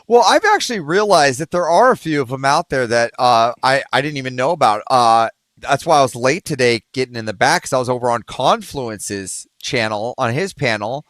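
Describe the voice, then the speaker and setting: A man's voice: medium pitch, fairly bright tone. A man with a mid-range voice chats easily on a livestream and chuckles between remarks. The sound is dry and close, with no room echo. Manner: easygoing, chuckling banter. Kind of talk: casual livestream chat.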